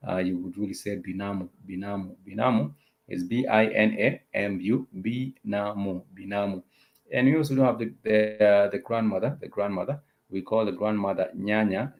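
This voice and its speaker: Gravelly low-voiced man teaching a lesson. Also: a little mellow. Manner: repeats words and phrases slowly, many "uh" pauses. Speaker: language teacher. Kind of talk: casual spoken lesson.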